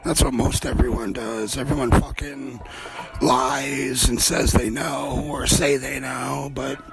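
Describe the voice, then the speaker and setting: A man's voice: mid-range voice, flat delivery, slow pace, gravelly, over loud music. A man hosting a comedy show, rambling through a profane, offhand monologue. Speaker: host.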